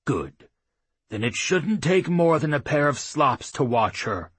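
A man voicing a bulky old half-orc warband chief who talks in short, gruff commands. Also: fairly high pitch, sing-song, measured pace, no echo, pitched above the performer's own voice, exaggerated voice. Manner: barks orders, gruff and terse.

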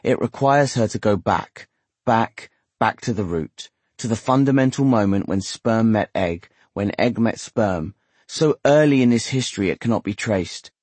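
A man narrating a literary novel in a measured, steady, wry manner. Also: fairly low pitch, slightly rough, dry recording. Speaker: audiobook narrator.

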